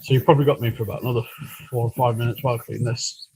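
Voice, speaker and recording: Gravelly British man chatting while he works. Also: medium pitch, fairly even intonation, racing, mellow, slight background noise, low-quality recording. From United Kingdom. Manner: chatty and rambling, thinking aloud. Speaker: livestream host. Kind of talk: casual live-stream chat while working. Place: workshop with a balloon printing machine.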